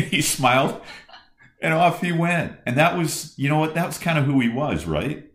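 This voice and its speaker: A man's voice: on the high side, normal speed. A man in his fifties, a podcast host and former football coach, telling stories in conversation with many restarts. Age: 50s. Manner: animated storyteller with many restarts. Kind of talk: conversational storytelling. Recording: roomy echo.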